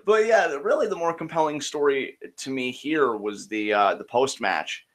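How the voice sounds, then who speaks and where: A man co-hosting a show in relaxed casual chat, often pausing with ums. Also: medium pitch. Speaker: podcast co-host.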